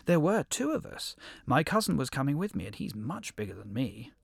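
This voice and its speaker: A man's voice: medium pitch, big pitch swings, a little fast, vocal fry, breathy edge, dry recording, clean studio sound, exaggerated voice. A man playing a sly, clever little hare. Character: small clever male hare, cool and crafty.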